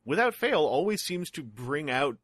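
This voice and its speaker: A man with a bright, forceful voice chats as a guest on a podcast. He talks in a jokey, self-deprecating way and rambles from one thought to the next. The sound is dry and close. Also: on the high side, big pitch swings, normal speed, husky, dry recording. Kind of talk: casual chat.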